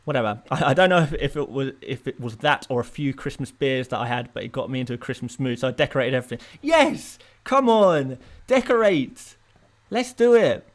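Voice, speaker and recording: A young man from England chatting casually on a live stream, rambling and self-mocking, with bursts of playful excitement while he reads viewer comments. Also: medium pitch, quick pace, hardly any pauses. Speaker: fantasy football streamer.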